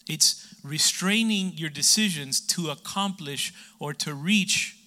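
Bright-voiced male preacher. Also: fairly high pitch, takes it slowly. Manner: conversational preaching with humor and asides to the congregation. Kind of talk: sermon.

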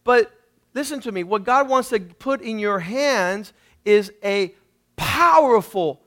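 A male pastor delivers an emphatic sermon in a strikingly high voice. He calls on the congregation to repeat after him and swings between loud emphasis and quiet asides. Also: moderate pace. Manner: emphatic preaching with congregation call-and-response.

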